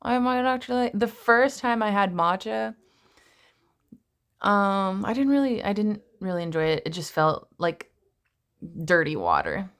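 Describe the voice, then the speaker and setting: A young woman's voice with a gravelly, fry-tinged texture, talking at home. She reads a passage in a soft, slow way, then slips into loose, chatty asides full of swearing and self-mocking laughs. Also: mid-range voice, big pitch swings. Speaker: actress vlogger. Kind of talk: casual vlog with a book reading.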